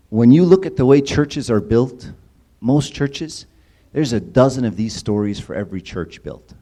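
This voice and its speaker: A man's voice: mid-range voice, mellow. A man giving a conversational sermon-style talk, often asking the audience questions and checking in with "right?". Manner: casual, engages audience with questions and repeated "right?". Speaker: church speaker.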